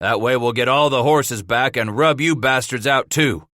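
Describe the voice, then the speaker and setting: A man's voice: mid-range voice, normal speed, pushed and bright, no room sound, studio quality, voice pushed up, lightly acted. A man voicing a menacing male frontier horse thief leader who taunts and threatens. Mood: threatening.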